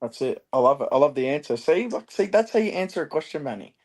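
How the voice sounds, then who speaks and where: Teasing co-host. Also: male voice, a little high, animated, quick pace, a little mellow. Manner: teasing, chuckling banter. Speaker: podcast co-host. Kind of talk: casual footy chat.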